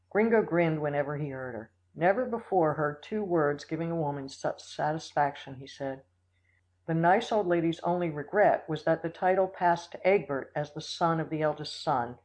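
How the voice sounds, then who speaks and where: An audiobook reader narrating a classic story in a steady, measured way. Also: medium pitch, rough recording. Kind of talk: scripted narration.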